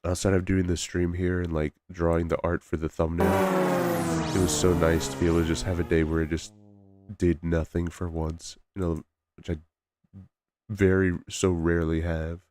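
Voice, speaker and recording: Male streamer with a low, mellow voice, halting and soft-spoken, casual stream chat. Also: level tone, no echo, faint music behind.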